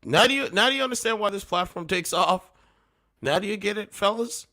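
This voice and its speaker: A man reacting to clips with animated, mocking commentary, hoarse from losing his voice. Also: high-pitched, fairly quick. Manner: animated, mocking, laughing, does loud mock voices. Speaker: commentary streamer.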